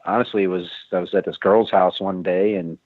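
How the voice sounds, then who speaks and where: A man's voice: low voice, fairly even intonation, fairly quick, no room sound. A man being interviewed as a guest musician, telling rambling stories with frequent chuckles. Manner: rambling storyteller, chuckles often. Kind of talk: casual interview chat. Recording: tinny phone line.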